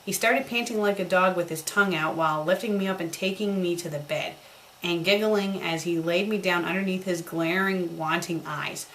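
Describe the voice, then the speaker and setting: A woman's voice: fairly low pitch, normal speed, a bit bright, a little hiss or hum, rough recording. A woman doing a comedic dramatic reading of a bad fan story, breaking off for sarcastic, mocking remarks. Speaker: fanfiction critic.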